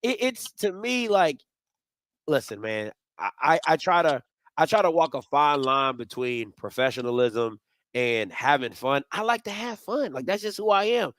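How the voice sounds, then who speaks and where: A man's voice: on the high side, very animated, moderate pace, a bit bright, no room sound. A man hosting a casual sports talk show, talking frankly and swearing freely. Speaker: podcast host.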